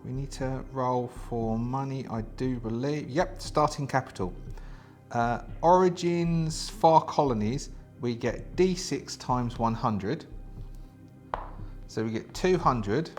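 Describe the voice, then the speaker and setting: A man's voice: medium pitch, slow pace, faint music behind. A man hosting a solo tabletop game, reading rules aloud and thinking through his choices in a chatty way, with many fillers and restarts.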